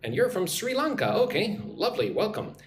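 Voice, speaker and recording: A man from the United States teaching an English lesson on a livestream, drilling pronunciation slowly and asking "right?" again and again. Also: high voice, huge pitch swings, soft background music. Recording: echoey room, faint background noise.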